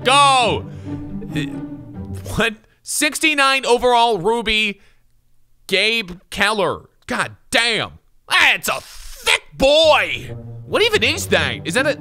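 A young man commentating on a video game, loud, animated and sarcastic, swinging between shouts and mutters. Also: high voice. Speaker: gaming YouTuber.

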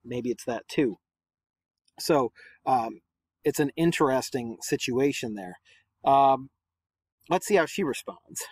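A man's voice: medium pitch, lively intonation, takes it slowly, long pauses, darkish tone, husky. A man teaching a poem in a casual lesson, chatty and full of rhetorical questions and fillers.

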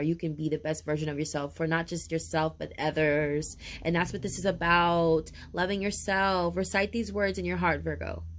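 A woman giving a tarot reading for viewers in a casual video, talking in a lively, confident way and calling them baby and honey. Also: lowish voice. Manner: chatty, sure of herself. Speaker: tarot reader.

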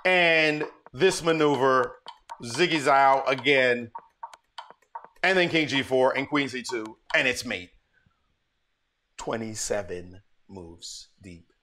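A man's voice: mid-range voice, slow, pauses often. A man giving a live-streamed chess lesson, telling stories and calling out to his viewers. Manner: animated, storytelling, calls to viewers. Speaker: chess teacher.

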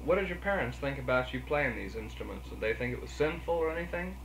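A man's voice: medium pitch, lively intonation, quick pace, vocal fry, a bit bright. Echoey male interviewer asking questions. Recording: echoey room with faint background noise.

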